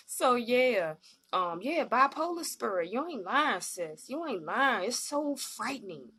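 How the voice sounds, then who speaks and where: A woman hosting a live-stream talk show, animated and slangy, often acting out what other people said. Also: fairly high pitch, moderate pace, husky. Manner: animated, slangy, acts out quoted voices.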